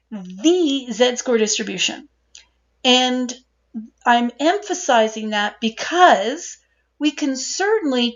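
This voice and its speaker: Woman, statistics lecturer, explanatory, repeats key points, higher voice, muffled lo-fi recording. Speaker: statistics instructor. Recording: dull lo-fi recording.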